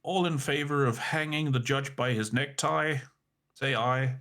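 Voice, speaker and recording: A man's voice: medium pitch, fairly even intonation, measured pace, pushed and bright. A man joking dryly while voicing and playing through a story game with a co-player. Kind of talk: casual banter over a game playthrough.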